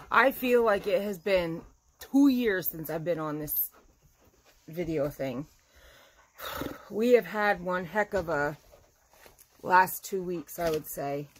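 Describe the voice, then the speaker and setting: A woman crochet vlogger chatting casually to her viewers, telling an animated story. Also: lowish voice, slight background noise. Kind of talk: casual chat to camera.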